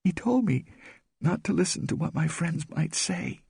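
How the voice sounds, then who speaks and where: Anxious young pregnant wife, as a male narrator puts her on, high husky voice, dry close audiobook sound. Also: lively intonation, moderate pace, darkish tone, no echo, heavily acted. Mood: distressed.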